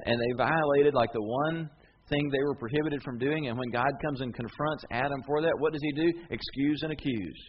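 A man's voice: medium pitch, highs cut off, a little hiss or hum. A middle-aged male pastor preaching a sermon in a conversational way, often asking the audience questions. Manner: conversational, repeats words, asks the audience questions.

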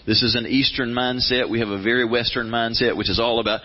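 An American man preaching a sermon and reading scripture, talking earnestly and conversationally, then building to animated emphasis. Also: mid-range voice, quick pace, lo-fi sound. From United States. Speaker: pastor.

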